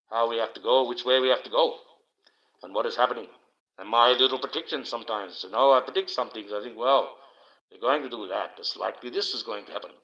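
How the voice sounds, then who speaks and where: A man hosting a livestream alone, rambling and swearing in loose casual banter into a low-placed mic. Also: sharp tone. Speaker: livestream host. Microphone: low-placed desk mic. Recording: dull lo-fi stream audio.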